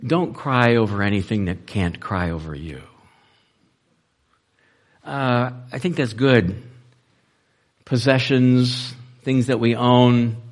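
A male preacher delivering a sermon, moving between loud, emphatic lines and soft, low-voiced passages.

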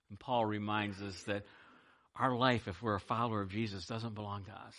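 A man's voice: on the low side, fairly even intonation, brisk, fairly bright tone. A man, a pastor, preaching a sermon and leading a closing prayer, speaking earnestly, with rising emphasis and frequent filler words.

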